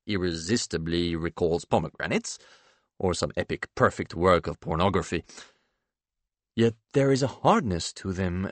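A man narrating a literary first-person story in a wry, expressive, measured manner. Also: deep voice, dry recording. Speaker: audiobook narrator.

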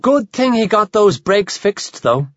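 Expressive audiobook narrator, dry and muffled. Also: mid-range voice, no echo. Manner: measured, expressive storytelling.

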